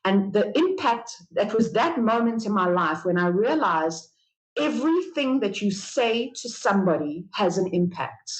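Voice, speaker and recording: A woman's voice: mid-range voice, lively intonation, echoey room, poor audio. Candid woman guest telling a personal story. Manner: candid, self-deprecating, rapid anecdotal telling. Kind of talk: conversational storytelling.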